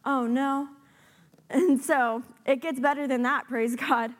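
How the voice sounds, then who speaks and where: A woman with a high voice preaches a sermon with lots of energy. She moves between earnest urging and playful, sarcastic asides. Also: fairly even intonation, slow pace. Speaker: guest preacher.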